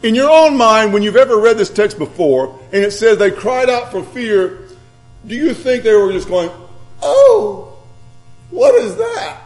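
A man preaching a sermon, dramatic, swinging between loud emphasis and quiet scripture reading. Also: sits high, animated, normal speed. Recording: echoey room with mains hum.

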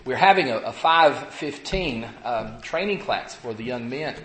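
Preacher, man in his fifties, mid-pitched, getting over a cold and talking around a cough drop, folksy and halting, pulpit mic in an echoey church with faint ambient noise. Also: lively intonation, fairly bright tone. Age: 50s. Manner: halting, many fillers and restarts, folksy. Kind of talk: evening sermon to a congregation. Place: church sanctuary. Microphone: pulpit microphone.

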